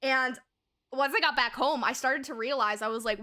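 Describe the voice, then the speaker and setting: A woman's voice: sits high, moderate pace, sharp tone. A young woman streamer telling a story in casual, rambling chat, full of fillers, laughter and swearing, at a home desk mic.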